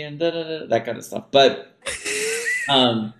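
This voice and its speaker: A man's voice: mid-range voice, expressive, moderate pace, echoey room. A man, a music teacher, talking casually in an interview and scattering "like" and "you know" through his speech. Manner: casual and chatty, many "like" and "you know" fillers. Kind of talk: relaxed interview talk.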